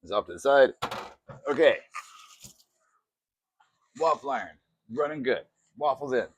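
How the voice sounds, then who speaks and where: A man chatting through a casual cooking demo in his home kitchen, excitable and poking fun at himself. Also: medium pitch, unhurried, lo-fi sound, a little hiss or hum. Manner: chatty, excitable, self-mocking. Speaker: cooking vlogger.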